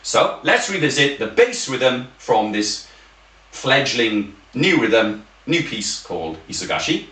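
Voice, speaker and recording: A man teaching an online taiko drumming class, encouraging the group and counting beats out loud with shouts. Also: mid-range voice, sing-song, takes it slowly, music in the background. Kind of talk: online group music lesson. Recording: echoey room, slightly distant mic, drums behind. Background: taiko drums.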